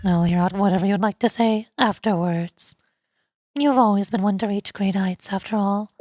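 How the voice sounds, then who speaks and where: A woman voicing a calm, calculating schoolgirl strategist who speaks in a measured, formal way. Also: mid-range voice, no echo, pitched below the performer's own voice, natural voice. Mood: cool calculating. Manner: measured, formal, coolly logical.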